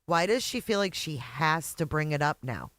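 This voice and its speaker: A streamer reacts live to a clip with sarcastic, disbelieving asides and breaks off to greet chat by name. The voice sits at a middle pitch and sounds dry and close to the mic. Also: lively intonation, normal speed, a bit bright, dry recording.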